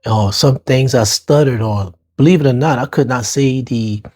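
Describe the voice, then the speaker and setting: A middle-aged man from New Orleans's Lower Ninth Ward with a New Orleans accent, hosting his own show and telling a personal story in a casual, slangy way, talking straight to listeners. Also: moderate pace, darkish tone. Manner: casual, street-slang phrasing, talks to listeners as y'all. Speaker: podcast host.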